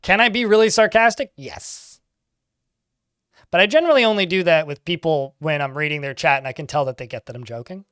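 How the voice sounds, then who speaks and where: A man's voice: a little high, fast, few pauses, a bit bright, clear, resonant tone, no room sound. A young man streaming a game and chatting casually with his viewers, with a dry, sarcastic-sounding way of talking. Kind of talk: casual livestream chat while gaming.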